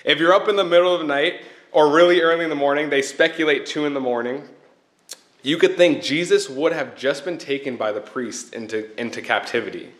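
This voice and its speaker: An earnest man preaches a short sermon in a fairly high voice. He keeps circling back to repeat key points and asks his listeners "right?" as he goes. The sound carries the echo of a hall. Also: a little fast, fairly bright tone. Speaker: church speaker.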